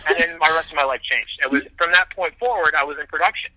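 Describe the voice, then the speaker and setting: A man from Las Vegas, a film director, telling his story as an interview guest in an animated way, often restarting his sentences. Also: fairly high pitch, quick pace, no echo, poor audio. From Las Vegas, USA.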